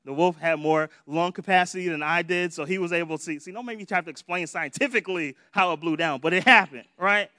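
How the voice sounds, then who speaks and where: A man's voice: on the high side, quick pace, few pauses, pushed and bright, no echo, studio quality. A man preaching a sermon in a conversational, playful way, often checking in with "right?".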